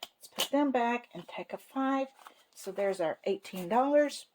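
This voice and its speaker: A woman's voice: fairly high pitch, lively intonation, measured pace, a little mellow, a little hiss or hum, rough recording. A woman hosting a savings vlog, chatting in a folksy, homey way and counting money aloud to herself. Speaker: savings channel host. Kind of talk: casual cash-stuffing vlog narration.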